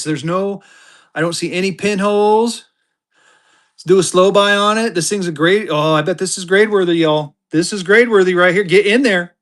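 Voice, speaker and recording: A man selling collectible banknotes on a live auction stream, talking to his viewers in an excited, chatty way. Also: on the high side. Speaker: livestream seller.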